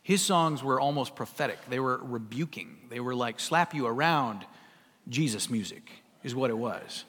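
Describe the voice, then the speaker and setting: A man's voice: mid-range voice, expressive, normal speed, fairly bright tone, slightly rough. A middle-aged man preaching a sermon, conversational and emphatic, building to urgent questions. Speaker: pastor. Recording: long reverb of a large hall.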